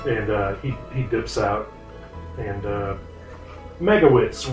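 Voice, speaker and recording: A man's voice: lowish voice, slow, a little mellow, faint music behind. A man running a tabletop game as game master, narrating casually with swearing and loose asides. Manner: casual, swearing, rambling with fillers.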